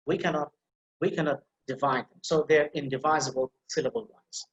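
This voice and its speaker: A man's voice: a little high, reverberant, lo-fi sound. Bangladeshi man teaching pronunciation. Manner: repeats words slowly for drill, explanatory. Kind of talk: online lecture over slides.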